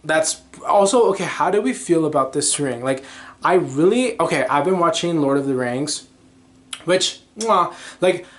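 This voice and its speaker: A young man talks on his own podcast in a loose, gushing ramble, leaning hard on filler words and bursting into bits of song. His voice sits a little higher than most men's. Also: lively intonation, unhurried. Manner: chatty, gushing, lots of "like" and sung snippets. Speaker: podcast host. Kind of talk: casual solo chat.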